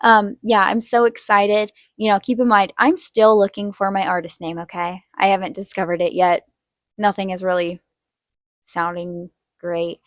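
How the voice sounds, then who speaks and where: A young woman who hosts an art channel tells a personal story while drawing, chatty and animated, raising her voice higher to act out what people said. Her pitch is mid-range and her pace moderate. The recording is dry and close, with no echo.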